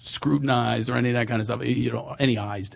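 A man from the US East Coast hosting a radio show, joking around in studio chat and slipping into quick comic voices. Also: mid-range voice, gravelly. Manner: animated, jokey, slips into quick voices.

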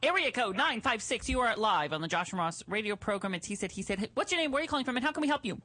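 A man's voice: high-pitched, very animated, pushed and bright. A man co-hosting a call-in radio show, playful and campy, talking into a studio mic. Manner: playful, campy, quick to laugh. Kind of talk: casual comedic radio chat. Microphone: studio microphone.

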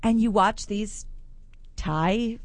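A woman co-hosting a radio show, telling stories in animated, blunt and crude casual banter. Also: mid-range voice, very slow, no room sound. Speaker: radio co-host. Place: radio broadcast from a shopping promenade.

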